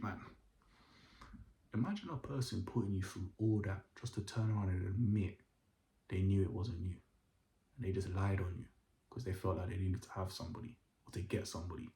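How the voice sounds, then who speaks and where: A young man tells a story in lively street slang and acts out each quote. His voice sits low. The room around him is echoey. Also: normal speed, pauses often, a little hiss or hum. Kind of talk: casual storytelling to camera.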